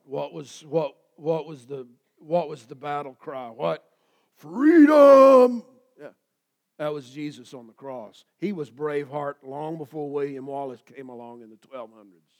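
A pastor preaching a sermon, swinging between loud declarations and quiet asides. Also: male voice, mid-range voice, fairly even intonation, moderate pace.

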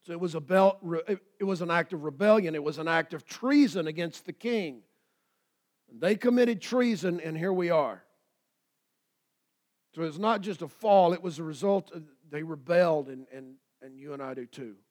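A male pastor delivers a sermon. His voice sits a little high, and he moves between ringing declarations and low, quiet asides. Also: normal speed. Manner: preaching with big swings from loud shouts to low, quiet asides.

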